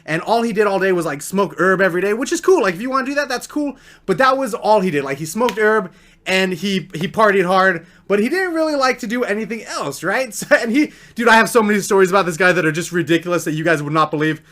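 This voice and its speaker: A man's voice: high voice, expressive, fast talker, a bit bright. A young man telling a rambling, slangy storytime anecdote on his vlog. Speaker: vlogger.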